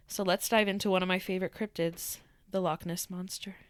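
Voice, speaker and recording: A woman co-hosting a podcast in casual chat, bubbly and quick to laugh as she tells stories. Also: fairly low pitch, no room sound, studio quality. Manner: bubbly, laughs often, animated storytelling. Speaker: podcast co-host.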